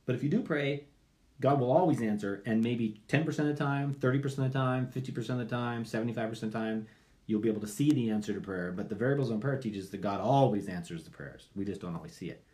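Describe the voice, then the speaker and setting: A man pastor preaching a sermon, animated and acting out the people in his story with loud pleading cries and quiet muttered asides. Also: mid-range voice, fast talker.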